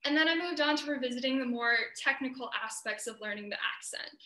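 A young American woman delivers an academic presentation over a video call. Her voice is bright and sits a little high. She explains each point earnestly, and the sound carries a roomy echo. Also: quick pace. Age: young adult. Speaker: student presenter.

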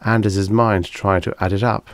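A man narrating a vintage science fiction audiobook in a measured, deliberate reading. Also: fairly low pitch, fairly even intonation, no room sound. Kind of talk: scripted narration.

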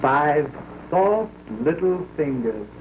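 An actor playing an earnest young suitor who speaks tenderly. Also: male voice, fairly high pitch, very animated, takes it slowly, background noise. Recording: tinny echoey old soundtrack with loud music.

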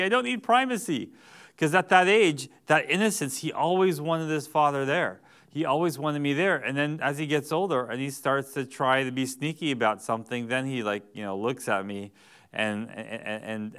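A man's voice: medium pitch, a bit bright, smooth. A man in his thirties preaching a sermon in a church, telling family stories in a conversational way with frequent restarts. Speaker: pastor.

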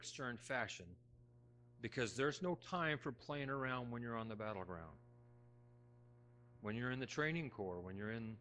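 A middle-aged man preaching a sermon as pastor, talking conversationally with folksy, self-deprecating humor, moving between loud emphasis and hushed asides. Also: lowish voice, a little hiss or hum. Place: church sanctuary.

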